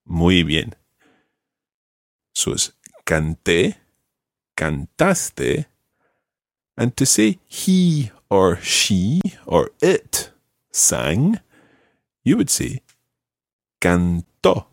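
Low-voiced patient male Spanish teacher. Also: wildly swooping pitch, drawn-out words, gravelly, pauses often, dry recording, clean studio sound. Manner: patient, repeats words for the student. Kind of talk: one-to-one language lesson.

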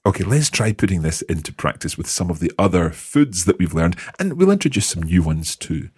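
Male language tutor: deep, husky, very animated intonation, encouraging. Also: a little fast, no echo, clean studio sound. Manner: encouraging, patient questioning. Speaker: language teacher. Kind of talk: guiding a language lesson.

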